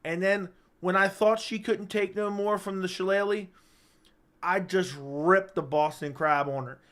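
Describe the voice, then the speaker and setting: A man's voice: high-pitched, steady tone, unhurried, fairly bright tone, clean tone. A young man hosting a live-stream chat, rambling and joking as he reads viewer comments aloud.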